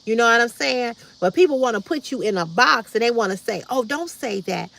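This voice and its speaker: Outspoken livestream host, woman in her fifties, direct and repetitive, bright forceful tone. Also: on the high side, expressive, fairly quick, creaky. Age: 50s. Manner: blunt, direct, preachy repetition. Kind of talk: casual livestream chat reading comments.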